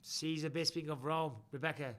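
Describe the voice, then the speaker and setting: A man's voice: a little high, steady tone, normal speed, fairly bright tone. Blunt man hosting a live chat. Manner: blunt, swears freely, banters. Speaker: host. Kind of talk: casual live-stream chat.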